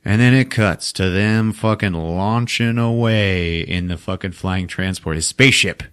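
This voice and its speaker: A man's voice: low voice, unhurried, fairly bright tone, clean tone. A man hosting a podcast, casually retelling a movie plot in a loose, profane way and laughing often. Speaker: podcast host.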